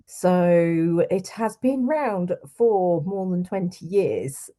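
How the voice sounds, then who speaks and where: A woman's voice: fairly low pitch, lively intonation, slow, mellow. A woman, a podcast co-host, presenting a news story in an earnest way. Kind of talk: casual chat and reading news.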